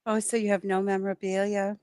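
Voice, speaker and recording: A woman's voice: mid-range voice, little pitch movement, quick pace, darkish tone, smooth, no room sound, studio quality. A woman, chatting casually and telling a story on a podcast with friends. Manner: chatty storyteller, laughs easily. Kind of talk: casual chat.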